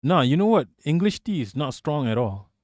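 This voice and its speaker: A man from Malaysia hosting a livestream, telling stories in an animated, swearing, casual way. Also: a little high, moderate pace, no room sound. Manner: animated, profane storytelling. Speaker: livestream host.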